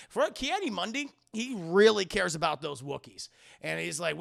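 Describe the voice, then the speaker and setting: A man with a gravelly, strongly creaky voice talks through a film scene by scene for a live chat. His tone is bright and forward, and his review is casual and full of swearing. He breaks into quick mock voices for the characters as he goes. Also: sits high, animated. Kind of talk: casual spoiler review, profane and animated.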